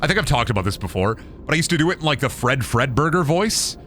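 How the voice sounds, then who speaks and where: A man's voice: medium pitch, very animated, quick pace, fairly bright tone, a little hiss or hum. A young man streaming a game, rambling profanely and joking around, often slipping into silly voices. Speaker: gaming streamer. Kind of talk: casual gameplay commentary.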